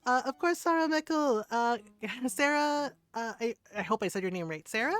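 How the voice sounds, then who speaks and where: A middle-aged woman streams a game while casually telling stories, laughing often and checking in with "right?" again and again. Her voice is fairly high, clear and resonant, animated and at normal speed.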